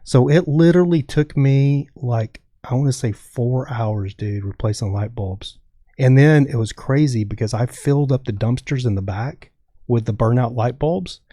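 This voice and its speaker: Texas guy rambling a story on a podcast, mellow voice, dry close mic. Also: mid-range voice, normal speed, dry recording. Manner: rambling, says dude a lot. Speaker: guest. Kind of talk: casual storytelling.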